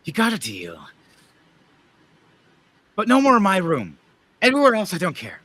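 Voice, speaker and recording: A man's voice: high-pitched, wildly swooping pitch, moderate pace, sharp tone, no room sound, pitched above the performer's own voice, exaggerated voice. A man voicing a bossy, snake-haired female innkeeper who runs her staff with threats, in a tabletop game. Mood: stern.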